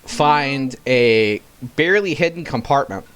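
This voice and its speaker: A man's voice: mid-range voice, expressive, measured pace, a bit bright, smooth. A man from Tennessee acting as game master, narrating in a laid-back way. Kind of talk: running a tabletop game over voice chat.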